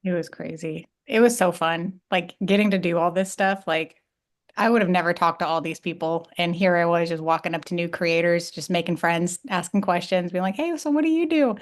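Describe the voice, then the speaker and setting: A woman chatting casually on a livestream, excitable and rambling, swearing freely as she tells her story. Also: on the low side, normal speed. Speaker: community member on a livestream. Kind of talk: casual chat.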